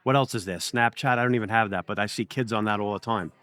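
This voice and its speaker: A man's voice: fairly low pitch, fast. A man, a pizzeria owner telling blunt, profane stories in a casual interview. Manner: blunt, swears freely, animated storyteller.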